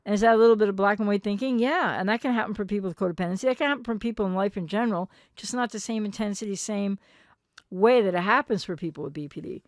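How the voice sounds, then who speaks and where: A woman in her sixties, a therapist, giving earnest, gentle advice straight to her viewers and acting out quoted partners now and then. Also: medium pitch, quick pace, dry recording, clean studio sound.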